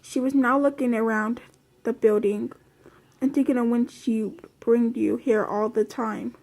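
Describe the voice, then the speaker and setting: A woman's voice: on the high side, steady tone, measured pace, darkish tone. A woman reading a fan story aloud from a phone, in a plain, unpolished way with restarts. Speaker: reader.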